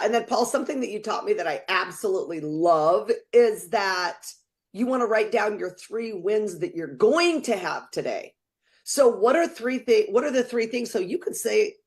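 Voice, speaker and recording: A woman co-hosts a motivational podcast, talking casually at normal speed in a medium-pitched, lively voice. She speaks earnestly and from the heart, using many fillers.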